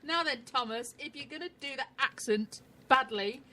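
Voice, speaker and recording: A woman's voice: sits high, moderate pace, bright, forceful tone, poor audio. An English woman co-hosting an internet radio show, casually bantering and teasing with a cheeky laugh. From England. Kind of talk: casual banter reading chat messages.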